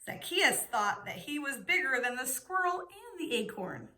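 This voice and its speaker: A woman's voice: high voice, very animated, moderate pace, bright, forceful tone. A woman teaching young children, patiently asking questions and giving the answers. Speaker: preschool teacher.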